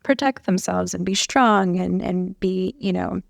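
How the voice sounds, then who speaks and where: A woman's voice: on the low side, measured pace, creaky, no room sound, studio quality. A woman, a psychologist guest on a podcast, explaining ideas in a thoughtful way and often checking in with "right?". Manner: explanatory, says "right?" often, thinks aloud with "um". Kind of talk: casual conversation.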